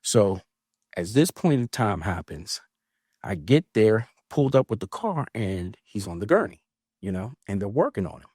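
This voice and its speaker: Lowish-voiced man telling a story. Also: moderate pace, slightly rough, no echo, studio quality. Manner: animated retelling, acts out quoted voices. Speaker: podcast co-host, former officer. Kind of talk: storytelling in casual conversation.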